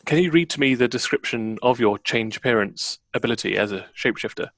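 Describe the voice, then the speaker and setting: A relaxed, chatty man runs a tabletop game as dungeon master, guiding his players through an adventure at a quick pace. His voice sits at a middle pitch, recorded dry and close with no room echo.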